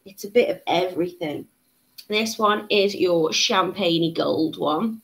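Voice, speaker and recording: A woman's voice: lowish voice, slow, gravelly. Bubbly chatty woman hosting a live stream. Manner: chatty, bubbly, reads out viewer comments. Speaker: host of a live beading tutorial. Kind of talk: casual live-stream chat.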